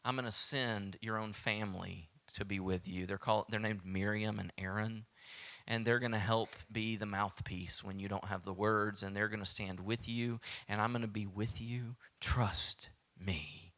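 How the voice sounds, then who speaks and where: Preaching as pastor, this Southern American man speaks at a normal pace with a lowish voice. His delivery is lively, with quoted voices acted out and occasional slips into a soft whisper.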